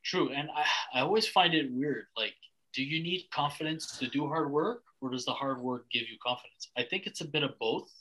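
A man's voice: on the high side, brisk, bright, forceful tone, rough recording. A young man from Canada hosting a casual podcast chat, blunt and rambling, swearing freely with lots of restarts. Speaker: podcast host.

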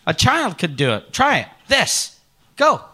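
A man's voice: wildly swooping pitch, normal speed, bright, forceful tone, husky, full character voice. A man from improvising a campy, flamboyant male company president in a comedy sketch, teasing and theatrical. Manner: theatrical, teasing, swoops up high.

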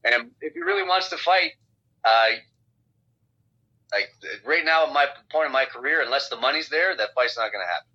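A professional fighter speaks bluntly and profanely in a casual phone interview, telling stories animatedly. His mid-range voice moves at a moderate pace over dull, lo-fi phone call audio.

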